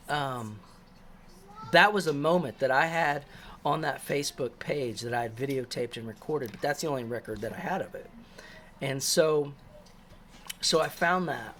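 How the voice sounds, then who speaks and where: A man's voice: a little high, a little slow, long pauses, fairly bright tone, a little hiss or hum. Rambling man telling a faith story. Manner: rambling, many fillers and restarts. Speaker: christian storyteller. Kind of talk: casual personal testimony.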